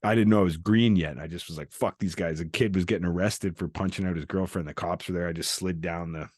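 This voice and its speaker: A man's voice: low voice, fairly even intonation, fast, dry recording, studio quality. A middle-aged man from Canada telling a rambling, profane story in a candid chat, laughing often and acting out the people he quotes. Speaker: podcast host.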